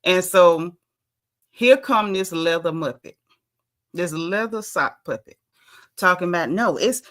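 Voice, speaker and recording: A woman's voice: fairly low pitch, a little slow, long pauses. A woman, chatting sassily and animatedly as she recaps a reality TV episode. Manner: sassy, animated, mimics cast members' quotes. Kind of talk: casual reality TV recap chat.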